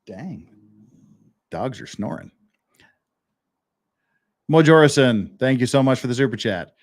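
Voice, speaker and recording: A man's voice: medium pitch, expressive, a little slow. A man hosting a live-stream legal commentary show, ranting in a profane, sarcastic and exasperated way.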